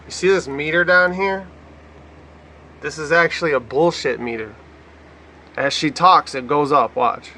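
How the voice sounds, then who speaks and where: A man's voice: fairly high pitch, measured pace, pauses often, pushed and bright, a little hiss or hum. A man giving sarcastic, profane commentary over a news clip. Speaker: online commentator.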